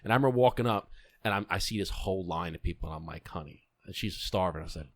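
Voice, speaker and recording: A man hosting a podcast, telling stories in a casual, relaxed way. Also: low voice, quick pace. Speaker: podcast host. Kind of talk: casual chat.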